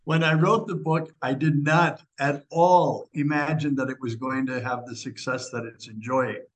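A man's voice: medium pitch, steady tone, normal speed, poor audio. An older man, a priest and author, telling stories as a radio interview guest, often repeating his words. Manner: repeats phrases, storytelling.

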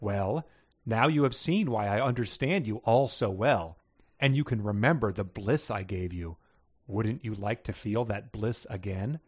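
A man voicing a gentle, coaxing male dog-star spirit in a read-aloud story. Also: fairly low pitch, a little slow, slightly rough. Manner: soft, coaxing, musical.

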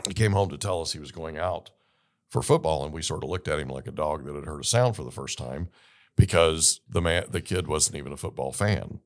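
A middle-aged man hosting an interview, telling a lively story and acting out the dialogue. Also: a bass voice, a little fast. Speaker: podcast host.

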